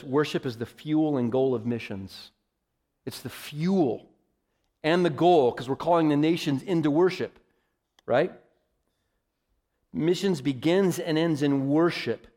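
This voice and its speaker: A man preaching a sermon, emphatic, often calling his listeners "folks" and swinging from loud declarations to quiet, low asides. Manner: emphatic, varies loudness widely, addresses listeners as folks.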